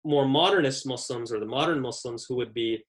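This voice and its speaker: A man giving an academic lecture, explaining ideas in a measured, methodical way. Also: medium pitch. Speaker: guest lecturer.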